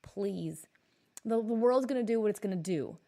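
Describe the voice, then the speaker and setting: A woman in her thirties, a coach and podcast host, telling a story in a blunt, animated monologue and swearing for emphasis. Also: mid-range voice, moderate pace, vocal fry.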